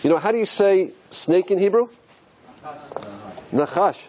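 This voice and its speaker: A man's voice: high voice, unhurried, mellow, slight background noise. A man teaching as a rabbi, asking rhetorical questions and musing aloud as he explains letters on a board. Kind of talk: teaching lecture.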